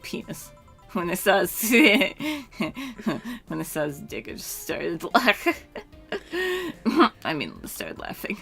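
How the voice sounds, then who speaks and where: A woman's voice: mid-range voice, wildly swooping pitch, slow pace, gravelly, fairly bright tone, faint music behind, heavily acted. A woman reading the lines of a teasing, blunt young bartender from a game aloud, in a slurred drunk voice. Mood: giggly.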